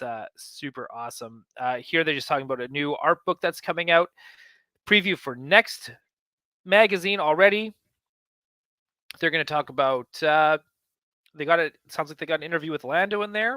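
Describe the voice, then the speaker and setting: An eager man chats casually through a magazine as a show host, rambling with plenty of fillers. His voice sits a little high and sounds bright and smooth. The recording is dry and close. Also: no room sound. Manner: enthusiastic, rambling with many fillers.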